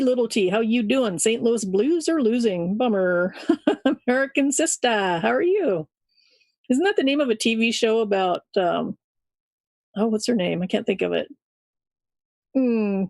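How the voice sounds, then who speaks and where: Chatty woman host shouting out names from the chat, kinda high voice, dry close sound. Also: no echo. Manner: upbeat, greets listeners by name, laughs often. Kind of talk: casual live-stream chat.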